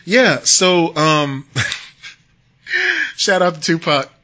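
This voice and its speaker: Male podcast co-host, casual chat, lively and bright, reads news with a joking tone. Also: on the high side, drawn-out words. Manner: laughs often, jokey asides.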